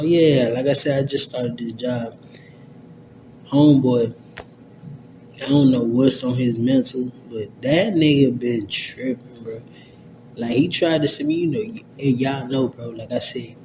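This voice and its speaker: A young man ranting to camera in a casual vlog, slangy and profane, rambling with lots of fillers. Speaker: vlogger. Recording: steady low rumble in background.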